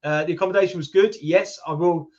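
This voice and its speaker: A man's voice: sits high, fairly even intonation, fast talker, darkish tone. A man in his fifties with a British accent, chatting casually with viewers on a livestream and answering their comments. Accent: British English. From United Kingdom. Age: 50s. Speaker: YouTube channel host. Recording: lo-fi livestream audio.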